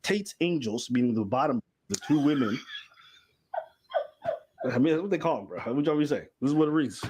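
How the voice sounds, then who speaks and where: A man's voice: mid-range voice, lively intonation, a little fast, darkish tone, a little hiss or hum. Explaining man reading out messages. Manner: explanatory, reads quotes aloud. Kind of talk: casual chat, reading out messages.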